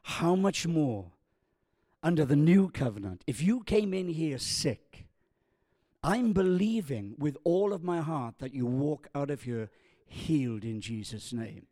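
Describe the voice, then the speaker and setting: A man in his sixties preaching a sermon, telling a funny family story with stumbles, restarts and excited, loud punchlines. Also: a little high, unhurried, dry recording, studio quality. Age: 60s.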